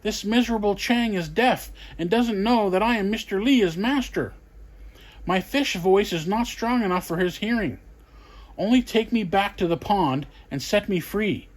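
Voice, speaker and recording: A man's voice: high voice, normal speed, pitched above the performer's own voice. A man voicing a rich man turned into a talking carp, pleading in panic in a storybook reading. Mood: desperate.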